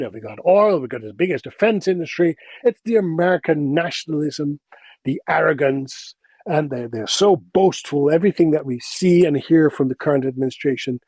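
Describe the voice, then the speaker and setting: A middle-aged man gives his views as an interview guest. His voice sits a little high for a man. He is opinionated and animated, and the recording is dry and close. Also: slightly rough, no echo. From Netherlands. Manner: opinionated, animated, mimics others for emphasis. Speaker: guest, voice actor. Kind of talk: casual interview talk.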